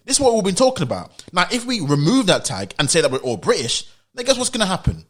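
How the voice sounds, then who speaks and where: Emphatic man with a lively, higher voice. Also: fast, few pauses. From United Kingdom. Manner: emphatic, with frequent rhetorical questions; repetitive, insistent. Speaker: opinion vlogger. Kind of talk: opinion commentary monologue.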